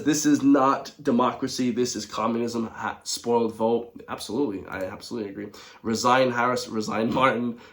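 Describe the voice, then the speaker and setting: A young Irish man giving casual commentary to his viewers, chatty and quick to chuckle, calling them lads and guys. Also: mid-range voice. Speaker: online commentator.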